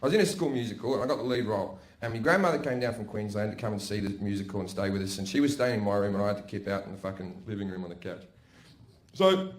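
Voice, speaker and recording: A man's voice: fairly low pitch, fast. A man with an Australian accent telling crude, profane stories in a stand-up routine on a comedy stage. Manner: crude, profane, conversational storytelling. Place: comedy stage before a live audience. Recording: echoey live comedy venue.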